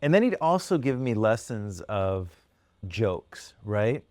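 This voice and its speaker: A man co-hosting a podcast who tells animated stories and laughs often. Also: on the low side, takes it slowly, no echo, studio quality. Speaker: podcast co-host. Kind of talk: casual storytelling chat.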